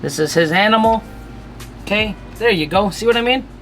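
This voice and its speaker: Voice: mid-range voice, fairly quick, a bit bright, soft background music. A ball python breeder giving a casual hands-on feeding demonstration, chatty and reassuring, with mock-panicked asides, indoors beside snake enclosures.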